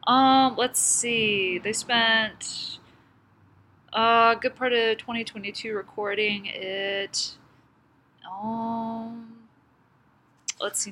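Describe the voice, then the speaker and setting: Slow-talking bright woman podcast host. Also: on the high side, a little hiss or hum. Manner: rambling, giggly, swears casually. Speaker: podcast co-host presenting bands. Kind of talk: casual chat.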